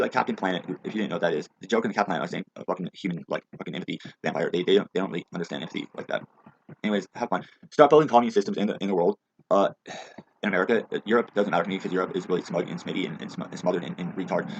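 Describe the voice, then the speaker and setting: Deep gravelly guy ranting angry and rambly, swears a lot, muffled lo-fi with faint hiss. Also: rapid-fire. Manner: agitated, rambling, heavy swearing. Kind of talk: angry profane rant.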